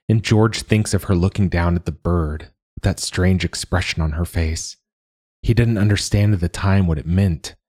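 Deep, husky male audiobook narrator. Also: darkish tone, no room sound, studio quality.

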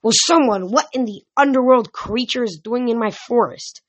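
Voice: medium pitch, moderate pace, fairly bright tone, no echo, lo-fi sound, pitched above the performer's own voice, natural voice. A reader voicing a blustering old satyr. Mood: indignant. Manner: pompous, huffy and flustered. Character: fussy, blustering, very old fat male satyr. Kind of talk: audiobook reading.

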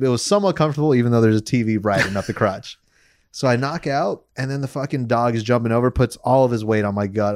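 A man's voice: medium pitch, quick pace. A man co-hosting a podcast, telling a long story in casual chat, laughing often and swearing freely. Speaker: podcast co-host.

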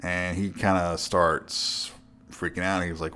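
Very deep-voiced male podcast host. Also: little pitch movement, takes it slowly, bright, forceful tone, smooth. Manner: laid-back storyteller, chuckles often. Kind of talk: casual film recap chat.

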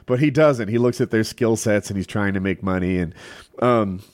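A man's voice: on the low side, normal speed, darkish tone, no echo, clean studio sound. A young man streamer chatting casually with friends, rambling and laughing often. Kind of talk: casual chat.

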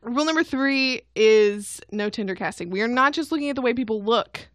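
A woman from Kentucky co-hosting a casual podcast, animated and laughing often. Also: fairly high pitch, brisk, no echo, studio quality. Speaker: podcast co-host. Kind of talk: casual chat.

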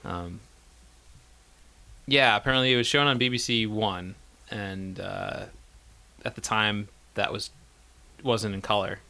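A man's voice: fairly low pitch, unhurried, long pauses, bright, forceful tone. A man co-hosting a podcast in laid-back, casual chat. He talks hesitantly and laughs often. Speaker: podcast co-host.

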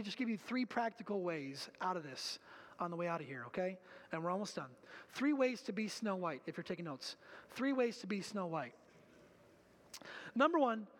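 A man with a notably high voice preaches a lively, conversational sermon, tossing in casual asides and pushing his emphasis upward. His words ring out with a long hall reverb, as if from the stage of a large church auditorium. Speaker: pastor.

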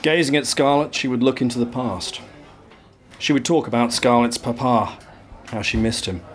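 Brief: male reader, measured, lyrical fairy-tale delivery, mid pitch. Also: steady tone, soft background music. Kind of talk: live reading of a fairy-tale retelling.

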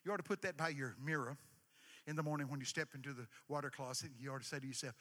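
A man preaching a sermon, emphatic, swinging from hushed asides to shouted lines and calling for responses. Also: medium pitch, fairly even intonation, fast, big-room sound. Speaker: pastor.

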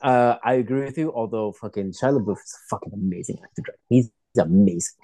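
A man's voice: lowish voice, fairly quick, no room sound. A man telling celebrity gossip in casual chat, rambling and swearing often with many restarts. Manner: profane, rambling, animated storytelling with restarts.

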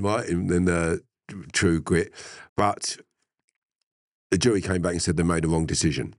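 A middle-aged man, telling a story in an interview, animated, often laughing and swearing. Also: sits low, brisk, dry recording, clean studio sound. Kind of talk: casual storytelling.

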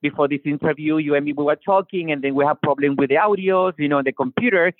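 A man with a Latin American Spanish accent, talking about his music in an animated way, restarting his sentences and acting out quotes. His voice comes through a tinny, phone-like call line. The sound is dry, with no room around it. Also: a little high, fast, no echo. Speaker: singer-songwriter guest. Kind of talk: casual interview talk.

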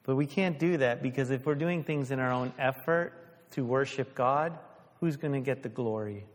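A man's voice: mid-range voice, moderate pace. Male pastor preaching in a reverberant hall. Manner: conversational preaching with rhetorical questions. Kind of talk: sermon.

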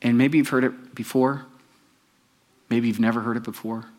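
A man's voice: mid-range voice, fairly even intonation, normal speed, darkish tone. Conversational male pastor preaching. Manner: conversational, asks the congregation questions. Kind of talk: sermon.

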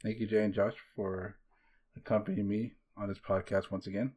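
A man's voice: lowish voice, little pitch movement, moderate pace, darkish tone, slight background noise. A man hosting a podcast, wrapping up in easygoing, self-deprecating casual chat. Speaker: podcast host.

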